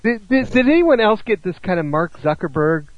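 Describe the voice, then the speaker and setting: A man's voice: high-pitched, sing-song, moderate pace, a crowd in the background. An American man in a casual chat, curious and chatty, stumbling over repeated words. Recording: dull line with faint hiss.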